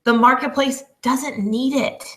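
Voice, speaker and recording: A woman in her twenties, a business coach teaching a casual lesson, chatty and quick to laugh. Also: sits high, fairly even intonation, fairly bright tone. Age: 20s. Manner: chatty, laughs often, apologizes.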